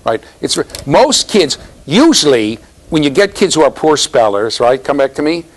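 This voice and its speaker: A man's voice: a little high, very animated, moderate pace, rough recording. A man giving a university classroom lecture, teasing students and checking in with "right?".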